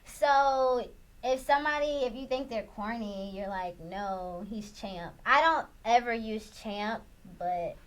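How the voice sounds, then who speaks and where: A woman's voice: on the high side, a little slow. A young woman co-hosting a casual chat show, plainly explaining slang terms. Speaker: co-host.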